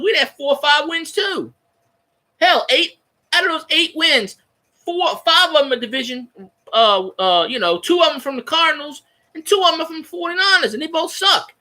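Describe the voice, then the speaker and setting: A man's voice: very high-pitched, bright, forceful tone. A man hosting a casual fan talk show, ranting and swearing heatedly.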